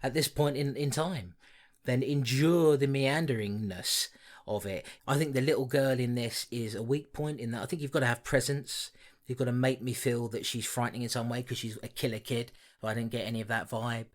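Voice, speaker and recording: A man's voice: medium pitch, steady tone, fairly quick. A man co-hosting a horror film podcast, talking in a loose, conversational way. His voice sits mid-range, and he slips into teasing, exasperated sarcasm at his co-host. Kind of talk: casual film review chat.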